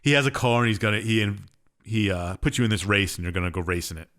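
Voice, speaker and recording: A young man on a podcast runs through a game's plot in loose, casual chat. His voice sits a bit low, and he shrugs off details with offhand, sarcastic asides. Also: quick pace, a bit bright. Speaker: podcast co-host.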